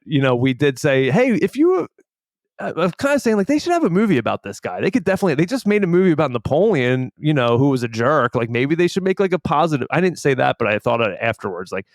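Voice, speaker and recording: A man's voice: medium pitch, fast, no room sound, studio quality. A man co-hosting a podcast, telling a story in a casual chat, laughing often and acting out what people said. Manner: laughs often, animated storytelling with acted-out quotes. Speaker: podcast co-host.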